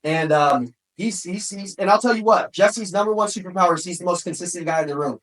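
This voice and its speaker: A man with a high, bright-edged voice gives a fired-up motivational talk. He pushes hard, shouting some points and tossing in casual "bro" and "man" to rally the listener. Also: a little fast, low-quality recording. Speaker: motivational speaker.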